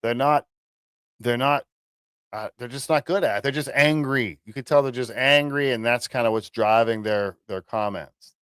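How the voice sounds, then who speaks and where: A man hosting a casual livestream, talking sarcastically with many halting restarts. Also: mid-range voice, fairly bright tone, clean tone, dry recording. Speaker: livestream host.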